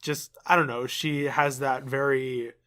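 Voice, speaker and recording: A young man co-hosting a podcast, talking in a relaxed, hesitant way full of ums. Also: mid-range voice, measured pace. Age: young adult. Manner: laid-back, hesitant with many ums. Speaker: podcast co-host. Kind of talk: casual chat.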